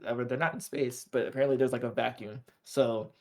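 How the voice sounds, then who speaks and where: A man's voice: mid-range voice, steady tone, fast, a crowd in the background. A man co-hosting a podcast, casually recapping an anime episode in loose, slangy storytelling and briefly acting out the characters' lines. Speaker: podcast co-host.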